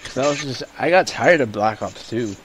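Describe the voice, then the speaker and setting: A man's voice: mid-range voice, lively intonation, moderate pace, a bit bright, slight background noise, low-quality recording. A young man co-hosting a casual gaming chat, laid-back, laughing often and giving short replies. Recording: faint music behind the voice.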